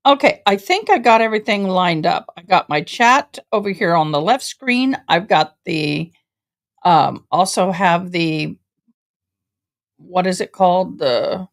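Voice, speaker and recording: Speaking at a measured pace in a low-ish voice with lively intonation, a Tennessee woman chats casually with her livestream viewers from her home office. She sounds a little tired and calls her chat "y'all."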